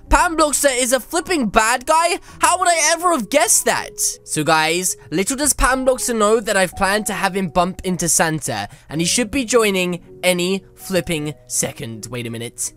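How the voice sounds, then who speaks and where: A woman hosting a game video, chatting and exclaiming in excited commentary. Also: on the high side. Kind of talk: excited let's-play commentary.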